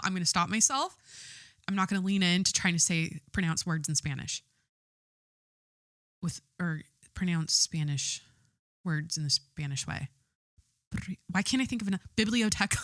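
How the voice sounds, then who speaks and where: A woman's voice: lowish voice, bright, forceful tone, dry recording, clean studio sound. A young woman hosting her own podcast, rambling and giggling through a casual monologue and swearing freely. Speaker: podcast host.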